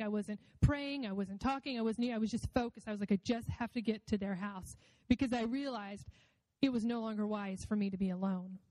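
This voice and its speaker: A woman's voice: fairly high pitch, warm tone, no echo, long reverb tail, poor audio. A woman giving a personal faith testimony in an earnest, reflective and emotional way.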